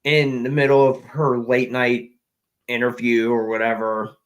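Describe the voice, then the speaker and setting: A man co-hosts a casual commentary show in a mid-range, flat voice at a measured pace, and the recording is rough. His rant is exasperated and profane, full of false starts.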